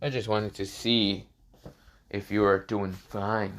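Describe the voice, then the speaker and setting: A man voicing Orochimaru, a sly, scheming snake ninja, in a smooth, teasing way. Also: fairly low pitch, flat delivery, takes it slowly, a bit bright.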